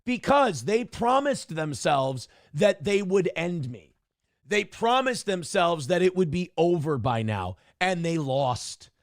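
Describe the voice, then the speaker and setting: Brief: smug male host, slightly high voice, dry close sound, taunting rant. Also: big pitch swings, takes it slowly, no room sound. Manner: snarky and smug; mocking, taunting asides. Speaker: streamer host. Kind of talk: casual ranting commentary.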